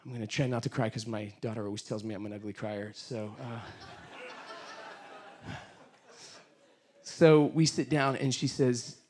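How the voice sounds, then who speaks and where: A man's voice: mid-range voice, fairly even intonation, measured pace, long pauses, a little mellow. A middle-aged man, a guest speaker, telling a story and leading an earnest prayer in a sermon. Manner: earnest, storytelling with quoted voices, fervent prayer.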